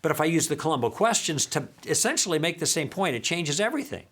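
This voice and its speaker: Animated man telling teaching anecdotes. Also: on the high side, fast. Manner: animated storyteller who acts out dialogue and checks in with "okay?". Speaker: apologetics teacher. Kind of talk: recorded teaching talk with anecdotes.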